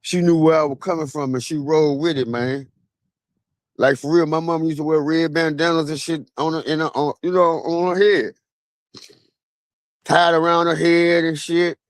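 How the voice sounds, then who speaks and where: Young guy, loose street-slang storytelling, voice sitting a bit high, dry close sound. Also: moderate pace, no echo. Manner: relaxed, slangy street talk with many fillers. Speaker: vlogger. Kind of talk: casual storytelling monologue. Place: outdoors at a graveside.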